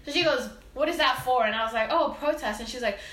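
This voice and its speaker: A young woman co-hosting a casual podcast, telling a lively story and acting out what each person said. Her voice is bright and sharp and sits fairly high. The room sounds echoey. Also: fast. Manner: lively storyteller, acts out quotes. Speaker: podcast co-host.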